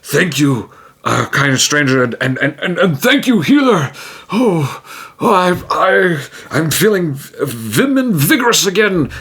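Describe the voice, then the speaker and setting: A man doing a gullible orc, gushing and effusive, pitched high with a gravelly rasp. The voice stumbles eagerly over its words, slow-paced, as part of a solo tabletop game. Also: very animated, fairly bright tone, heavily acted. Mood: gushing grateful. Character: ailing, gullible male orc.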